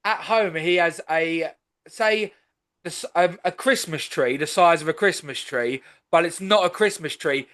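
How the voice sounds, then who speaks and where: A man's voice: on the high side, a little slow, fairly bright tone. A man hosting a podcast, chatting loosely and rambling, swearing casually as he talks. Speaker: podcast host.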